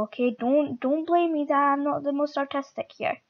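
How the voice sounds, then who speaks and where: High-voiced playful woman gamer, lo-fi. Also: moderate pace. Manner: playful, chatty, talks to the game and viewers. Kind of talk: casual gameplay commentary.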